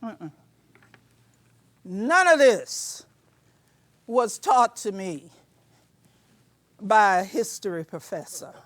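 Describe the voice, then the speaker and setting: An older woman giving a lecture in a preacherly, emphatic manner, with colloquial asides and bursts of shouting. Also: mid-range voice, big pitch swings, slow pace, long pauses, dry recording. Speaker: speaker.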